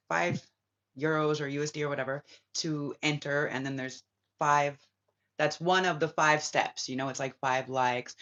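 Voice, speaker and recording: A woman's voice: low voice, a bit bright, lo-fi sound. A woman in a spiritual reading vlog, talking loosely with lots of fillers, restarts and swearing. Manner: loose, profane, filler-heavy, with many restarts. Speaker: spiritual channeler and reader. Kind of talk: rambling casual livestream chat.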